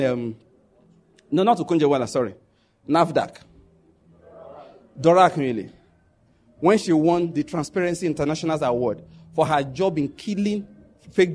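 A Nigerian man with a Nigerian accent tells stories in a loose, animated monologue. His voice sits high for a man and has a husky edge. He laughs often and drops into pidgin quotes. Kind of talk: casual storytelling monologue.

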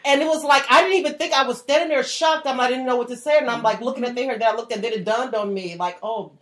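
A woman's voice: sits high, fairly bright tone. Chatty woman recalling a memory. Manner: chatty, quick reactions, reflective when telling a memory. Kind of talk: casual group chat.

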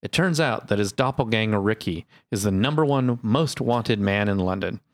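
A man's voice: lowish voice, animated, no room sound, studio quality. An American man co-hosting a casual chat, recapping an episode and laughing often. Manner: chatty, quick to laugh. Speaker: podcast co-host.

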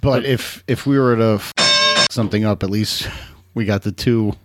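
A man's voice: fairly low pitch, normal speed, over loud music. A man co-hosting a casual podcast chat, jokey and rambling, often laughing and restarting his sentences. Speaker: podcast co-host.

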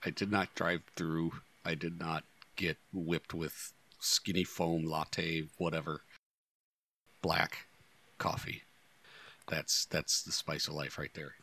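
A man's voice: very deep voice, flat delivery, slow pace, bright, forceful tone. A man co-hosting a podcast in casual chat, blunt and sarcastic, teasing his co-host.

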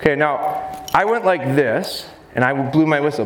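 A man who trains dogs, giving a live seminar and talking fast and jokingly with the crowd in a large hall. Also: on the high side, animated, fairly bright tone. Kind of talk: live seminar talk to an audience. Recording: roomy live hall sound, faint noise.

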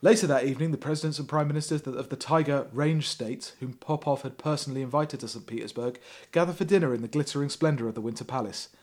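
A podcast host with a medium-pitched, slightly mellow voice reads a thriller novel aloud for laughs, talking fast with few pauses. He reads with heavy sarcasm, laughs often, and breaks off to mock the text.

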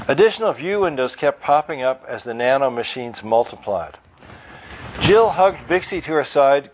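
A man's voice: mid-range voice, a little hiss or hum, rough recording. Man reading a novel aloud. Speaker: author reading his novel. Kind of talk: live book reading. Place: bookstore reading event.

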